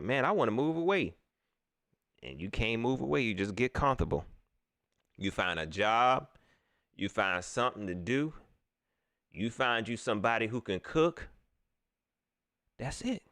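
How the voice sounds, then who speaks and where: A man chatting on a live sports stream, his pitch bouncing up and down as he jokes and repeats himself. The sound is dry and close, with no room echo. He talks loosely and reads out viewer comments. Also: fairly bright tone. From South Carolina. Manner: loose and laughing, with playful mock voices and repetitions.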